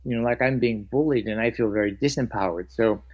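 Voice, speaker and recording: A man's voice: medium pitch, brisk, slightly rough. Man telling stories, dull lo-fi sound. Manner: animated, acts out quoted lines. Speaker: martial arts instructor. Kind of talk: storytelling in a conversation. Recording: dull lo-fi audio.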